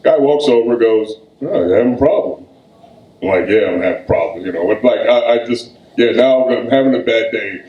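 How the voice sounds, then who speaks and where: Poet man, low mellow voice, live reading in an echoey room. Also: muffled recording. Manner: slow, weighty reading, then loose conversational storytelling. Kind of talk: poetry reading and storytelling at a live event. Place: event room.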